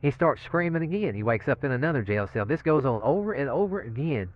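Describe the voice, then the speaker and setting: Rambling inmate, man, mid-pitch voice, muffled phone-like audio, chuckles through his stories. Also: animated, quick pace. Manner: rambling, laughing, repeats 'you know what I'm saying'. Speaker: death row inmate. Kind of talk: recorded interview, storytelling.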